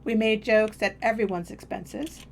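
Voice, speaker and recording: A woman's voice: medium pitch, fairly even intonation, measured pace, gravelly. A woman streaming a game, chatting casually in a meandering, self-deprecating way. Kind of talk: casual rambling chat while gaming.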